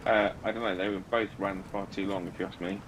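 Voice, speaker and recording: A man's voice: deep voice, little pitch movement, fairly quick, a bit bright, poor audio. A man co-hosting a game stream, teasing his friend in rambling casual chat. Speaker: stream co-host. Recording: noticeable background noise.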